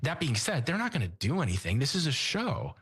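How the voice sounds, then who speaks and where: Man, interview guest, husky, hesitant, fast. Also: medium pitch, huge pitch swings, a bit bright. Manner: hesitant, filler-heavy. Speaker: interview guest in a played clip. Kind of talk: conversational interview.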